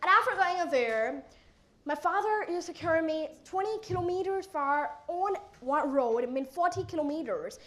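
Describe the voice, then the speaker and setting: Teen girl, Indian English accent, high voice; animated motivational speaker acting out dialogue. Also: normal speed, a little hiss or hum. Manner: animated, acts out quoted exchanges. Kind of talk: motivational storytelling talk.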